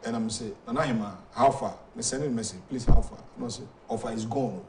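A man's voice: mid-range voice, brisk, roomy sound, slight background noise. A Ghanaian man co-hosting a talk show, telling events in a loose, rambling way. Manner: loose, rambling retelling with code-switching. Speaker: co-host. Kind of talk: casual talk show chat.

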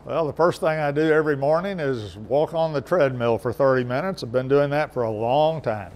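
An older man from New Mexico, a university president, answering interview questions at home in a gentle, unhurried, folksy way. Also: medium pitch. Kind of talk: casual interview. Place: home, indoors.

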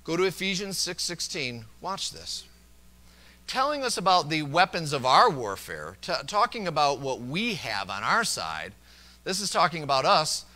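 A male pastor preaching a sermon, quoting scripture and moving between emphatic loud passages and hushed, close asides. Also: on the high side, big pitch swings, moderate pace. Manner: quotes scripture verse by verse. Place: church service.

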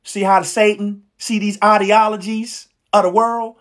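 A woman's voice: mid-range voice, level tone, a little slow, hardly any pauses. A woman preaching a live sermon, fervent and emphatic, repeating lines and calling out to her listeners in casual, slangy speech. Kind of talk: live-streamed street-style sermon.

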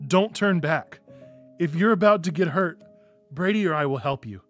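A man reading aloud as a calm, loyal male friend who gives encouragement. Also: on the high side, normal speed, faint music behind, close to an everyday voice. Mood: reassuring.

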